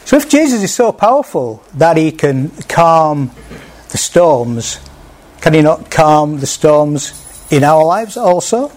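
A man's voice: fairly high pitch, big pitch swings, slow pace, darkish tone. A man preaching a sermon in a plain conversational way, with small restarts. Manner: conversational, with small restarts, acts out quoted speech.

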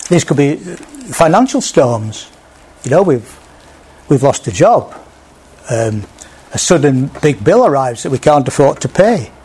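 A man's voice: on the high side, very animated, measured pace, a little mellow, slightly rough. A man preaching a sermon in a plain conversational way, with small restarts. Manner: conversational, with small restarts, acts out quoted speech.

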